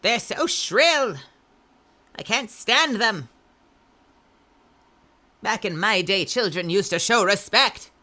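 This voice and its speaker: A woman voicing a cranky old woman who grumbles slowly and complains about kids. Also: medium pitch, expressive, pushed and bright, pitched above the performer's own voice. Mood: grumpy. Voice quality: slow, drawn-out grumbling.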